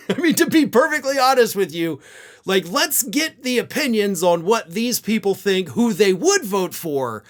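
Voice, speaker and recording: A man with a high voice hosts a solo political commentary. His pitch rises and falls in lively swings, and he talks in an earnest, emphatic way. He addresses his viewers directly. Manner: earnest, emphatic, reads quotes aloud.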